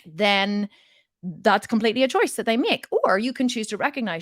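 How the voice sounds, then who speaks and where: A woman's voice: mid-range voice, lively intonation, moderate pace, a bit bright, dry recording, clean studio sound. A woman coaching on mindset in a casual, frank way, telling stories and acting out both sides of conversations.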